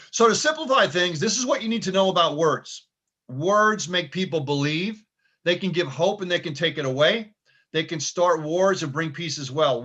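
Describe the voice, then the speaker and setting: Conversational middle-aged man, slightly high voice. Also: a bit bright, highs cut off. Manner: casual, conversational, frequent "okay" and "right". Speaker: motivational speaker. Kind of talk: motivational talk to viewers.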